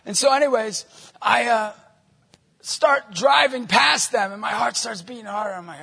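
A man leading a Catholic evangelization ministry, telling stories in a conversational, animated way in a talk to a church group. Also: very high voice, normal speed, gravelly, slightly rough, big-room sound.

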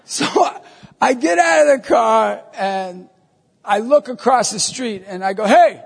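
Husky high-voiced man preaching in a hall. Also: unhurried. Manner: animated, acts out dialogue, emphatic. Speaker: Catholic evangelist speaker. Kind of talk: storytelling sermon.

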